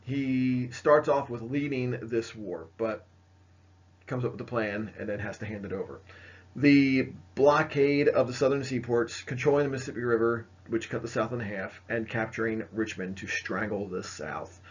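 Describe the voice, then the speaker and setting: A man's voice: mid-range voice, moderate pace, husky, lo-fi sound. A man giving a casual history lecture, full of fillers and asides as he points to slides. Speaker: history teacher. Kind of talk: recorded classroom lecture.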